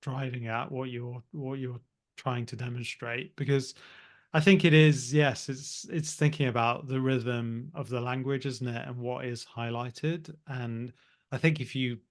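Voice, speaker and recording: A man's voice: mid-range voice, fairly even intonation, a little slow. A man co-hosting a podcast, chatting casually and agreeably, often ending points with tag questions. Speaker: podcast co-host. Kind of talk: casual teaching chat.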